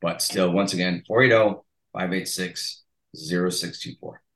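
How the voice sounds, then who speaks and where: A man's voice: low voice, fairly even intonation, moderate pace, fairly bright tone. A man in his sixties from Massachusetts, a chiropractor guest chatting in a rambling way with frequent restarts. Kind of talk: casual podcast interview. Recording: roomy echo.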